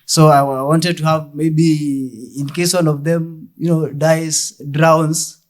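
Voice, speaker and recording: A young Kenyan man with a Kenyan accent performing a deadpan stand-up comedy set, mixing English and Swahili. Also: fairly high pitch, takes it slowly.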